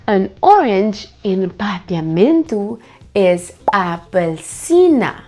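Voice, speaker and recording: Woman, children's language teacher, very slow and sing-song, faint music bed. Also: mid-range voice, sing-song. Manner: slow and patient, repeats each word and prompts children to echo.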